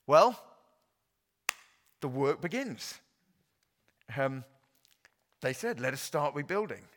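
A man's voice: on the high side, a bit bright. A middle-aged male pastor from Wales giving an earnest, conversational sermon, with frequent ums and uhs.

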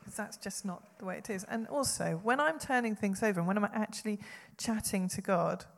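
A woman's voice: medium pitch, brisk, vocal fry. A woman giving an earnest, conversational personal testimony about prayer in a church hall. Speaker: church speaker. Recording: long hall reverb.

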